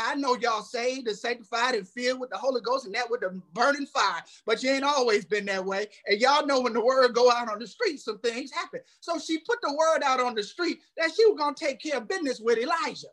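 A man's voice: very high-pitched, expressive, brisk, hardly any pauses, fairly bright tone. A man preaching a sermon in a folksy, humorous way, speaking straight to the congregation, hot and sweating. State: sweating from the heat.

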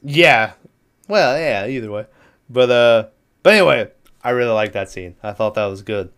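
A man's voice: medium pitch, lively intonation, normal speed, fairly bright tone, clear, resonant tone. Rambling, profane man retelling a movie. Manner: rambling, profane, laughs through his retelling. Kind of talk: casual movie recap chat.

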